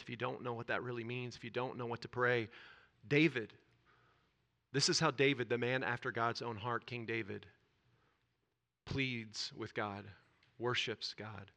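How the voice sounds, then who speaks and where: A man's voice: mid-range voice, creaky, pushed and bright. A man preaching a sermon as pastor, building intensity and repeating phrases.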